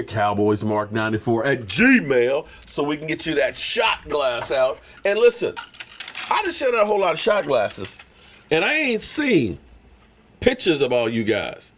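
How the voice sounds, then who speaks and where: Hyped guy hosting a live sports stream, voice getting strained, pitch all over the place. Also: slight background noise. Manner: loud, fired-up, teasing rival fans.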